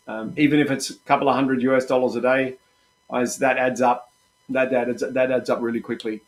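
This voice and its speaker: Aussie guy hosting a live trading stream, chatty, keeps saying mate and guys, mid pitch. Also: flat delivery, a little fast. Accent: Australian. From Australia. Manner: chatty and encouraging, says "mate" and "guys" a lot. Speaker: live trading room host.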